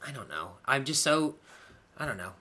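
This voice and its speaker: A man's voice: medium pitch, big pitch swings, moderate pace, sharp tone, breathy edge. A man co-hosting a podcast, recapping wrestling in casual chat with sarcastic, exasperated remarks and plenty of swearing. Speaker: podcast co-host.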